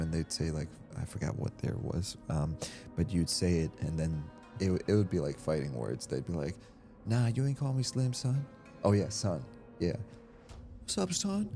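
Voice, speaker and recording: A man's voice: sits low, mellow. A man streaming a game, rambling casually, reading chat aloud and laughing easily. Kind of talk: casual livestream chat while gaming. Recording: game music playing behind. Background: game music.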